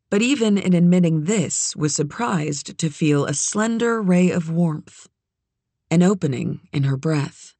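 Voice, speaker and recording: A woman narrating a novel in a measured, even storytelling manner. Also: lowish voice, no echo. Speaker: audiobook narrator. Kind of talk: scripted narration.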